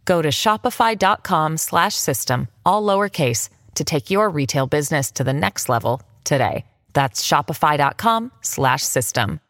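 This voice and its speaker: A woman's voice: deep voice, lively intonation, moderate pace, few pauses, fairly bright tone, no room sound, clean studio sound. A woman reading a commercial in an upbeat, persuasive way. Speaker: ad reader. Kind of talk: read commercial.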